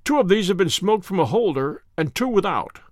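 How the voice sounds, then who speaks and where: A man voicing a calm, confident male detective who explains his findings in a measured way. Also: sits high, dry recording, clean studio sound. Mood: explaining.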